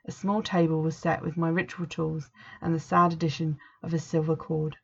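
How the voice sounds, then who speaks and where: Measured woman storyteller, low and gravelly, muffled recording. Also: little pitch movement. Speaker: narrator. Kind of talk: first-person story reading. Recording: dull lo-fi recording.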